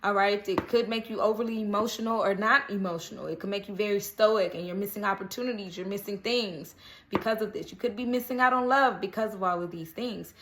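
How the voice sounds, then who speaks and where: A woman tarot card reader gives a casual daily horoscope reading, chatty, earnest and coaxing, often asking viewers "okay?". Her medium-pitched voice is brisk and fairly bright, with a little hiss or hum in the audio.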